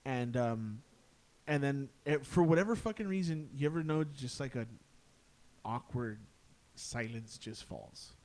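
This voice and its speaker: A man's voice: medium pitch, expressive, a little slow, darkish tone. A young man casually telling a ghost story on a podcast, swearing freely and peppering his speech with "dude" and "like". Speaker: podcast guest.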